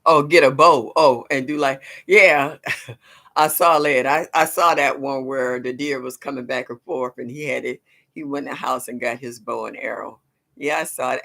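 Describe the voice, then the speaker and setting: An older woman, hosting a casual live stream and chatting with her viewers. She laughs often, and her voice leaps high whenever she greets someone. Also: fairly even intonation, normal speed, vocal fry, a bit bright. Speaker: livestream host.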